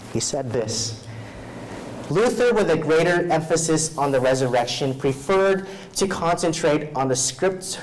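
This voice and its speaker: A man preaching as pastor at a live evening worship service. He reads scripture aloud, pauses to have the congregation fill in words, and grows louder when preaching but drops soft and low for personal stories. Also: slight background noise, poor audio. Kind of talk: sermon.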